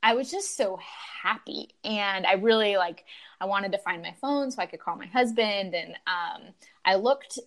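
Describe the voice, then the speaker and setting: In a conversational podcast interview, a Utah marathon runner shares a race story with animated gratitude and a steady stream of "like" and "um." Her voice is mid-range and she talks at a normal speed.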